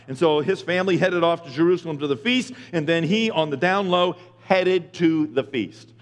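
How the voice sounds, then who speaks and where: A male pastor preaching a sermon, retelling scripture in casual slang and building to emphatic shouts. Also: fairly high pitch, moderate pace, hardly any pauses. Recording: long reverb of a large hall.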